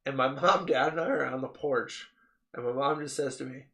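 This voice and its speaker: A man co-hosting a podcast in casual chat, telling animated stories, laughing often and mimicking the people in them. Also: mid-range voice, brisk, creaky. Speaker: podcast co-host.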